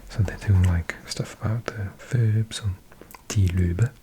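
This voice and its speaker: A man's voice: fairly low pitch, fairly even intonation, a little slow, noisy background. A man hosting his channel in a whispered ASMR style, musing to himself and repeating practice words aloud. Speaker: channel host.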